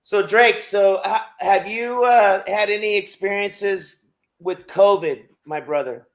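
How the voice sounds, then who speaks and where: A man's voice: high voice, takes it slowly. A man chatting casually as a guest musician, friendly and full of questions. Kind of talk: casual interview chat.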